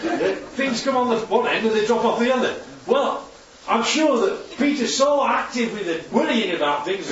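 His voice is high-pitched with lively intonation at a moderate pace, as the man delivers a chatty sermon with slides and keeps checking in with his congregation through tag questions. The recording has the echo of a hall and a distant, muffled mic.

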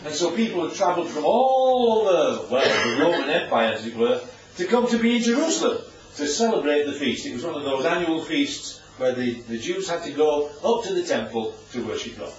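A man preaches with a high, very animated voice and keeps checking in with his listeners. He sounds far from the microphone, and the dull recording is soaked in the echo of a large room. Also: brisk, few pauses. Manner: chatty, asks the audience questions. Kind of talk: informal Bible teaching with slides.

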